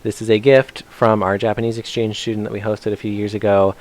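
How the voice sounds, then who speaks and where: A man's voice: fairly low pitch, flat delivery, fairly quick, darkish tone. A man streaming himself playing a game, rambling along in casual commentary with lots of fillers.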